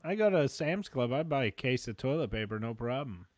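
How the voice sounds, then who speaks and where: A man co-hosting a casual podcast, easygoing and quick to laugh. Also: mid-range voice, lively intonation. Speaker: podcast co-host.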